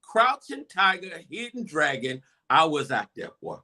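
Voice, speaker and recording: A man's voice: fairly high pitch, a little slow. A man co-hosting a casual sports chat, telling game stories with hype and laughter. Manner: animated, laughing, hyped storytelling. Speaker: co-host.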